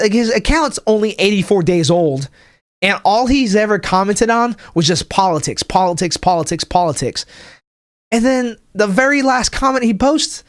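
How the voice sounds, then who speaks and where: A young man hosting his own podcast as a stand-up comic, rambling and swearing, with lots of restarts and "like", acting out other people's lines in a higher voice. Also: fairly bright tone, no echo, clean studio sound. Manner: acts out people's quotes in a higher voice. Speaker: podcast host. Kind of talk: casual solo podcast rant. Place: home room, livestreaming.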